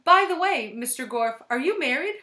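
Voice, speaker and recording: A woman's voice: high voice, lively intonation, moderate pace, bright, forceful tone, roomy sound, pitched above the performer's own voice. A woman voicing a cheerful, flirty female teacher in a storybook. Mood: sweet.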